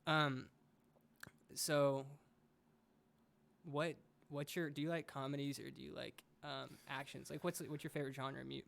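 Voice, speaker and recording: Gravelly-voiced young man hosting a chat. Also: mid-range voice, level tone, a little slow, pauses often, fairly bright tone. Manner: rambling, lots of fillers and restarts, jokey. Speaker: podcast host. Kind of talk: casual chat.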